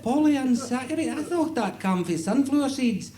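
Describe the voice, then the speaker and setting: A man's voice: very high voice, animated, normal speed, warm tone, voice pushed up. A man voicing a fussy, flustered male farm-department official who stammers. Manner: stammering and hesitant. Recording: noisy tape copy with audience laughter.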